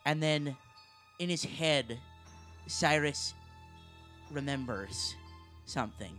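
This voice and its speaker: A man narrating a tabletop game as game master, describing the scene slowly, with some restarts. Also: a little high, lively intonation, fairly bright tone, soft background music.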